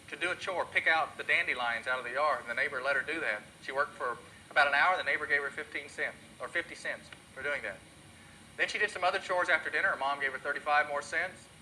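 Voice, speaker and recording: A man preaching a sermon, telling a story earnestly and dropping softly at tender moments. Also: a little high, a little hiss or hum, low-quality recording. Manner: earnest, drops softly when moved.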